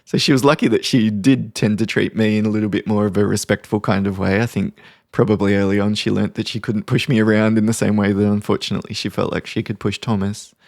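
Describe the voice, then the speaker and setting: Low, gravelly male podcast host. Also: flat delivery, quick pace, a little mellow, no echo, studio quality. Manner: casual and wry, with frequent asides. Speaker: podcast host and professional mediator. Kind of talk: reflective storytelling monologue.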